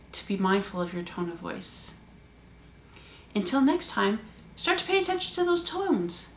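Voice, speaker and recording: Expressive woman vlogger in a roomy space. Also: slight background noise. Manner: expressive, varies pitch and loudness for emphasis. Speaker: channel host. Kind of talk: talking to camera in a vlog. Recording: roomy echo.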